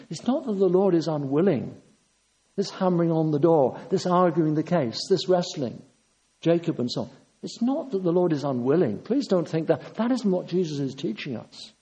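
A man's voice: fairly high pitch, expressive, normal speed, dark tone, poor audio. An older man preaching a sermon, earnest and emphatic, driving his points home with repetition.

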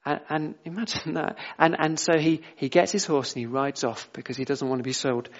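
A preacher gives a relaxed, conversational sermon, often restarting his sentences and asking the listeners rhetorical questions. His voice sits a little high for a man. The recording is muffled and lo-fi. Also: brisk. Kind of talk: informal sermon.

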